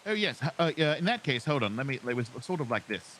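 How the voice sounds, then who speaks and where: A man's voice: mid-range voice, big pitch swings, quick pace, fairly bright tone, a little hiss or hum. Polite stammering man in roleplay. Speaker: roleplay player as an instructor character. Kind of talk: in-character roleplay chat.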